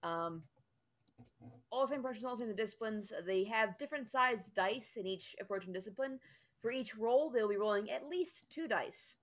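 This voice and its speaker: A woman running a tabletop game as game master, explaining the rules in a chatty way with lots of ums. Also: on the high side.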